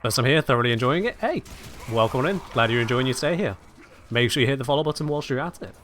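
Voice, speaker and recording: A man with a medium-pitched, fairly bright voice talks quickly and with animation over a faint hiss or hum. He's gaming on a live stream, chatting casually with viewers in a dry, sardonic way.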